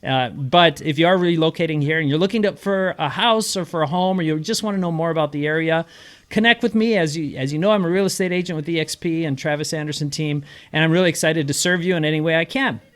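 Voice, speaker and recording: A man's voice: fairly high pitch, fast, a bit bright. A middle-aged man with a Minnesotan accent, a real estate agent explaining local phrases in a casual, playful way and acting them out in a sing-song voice.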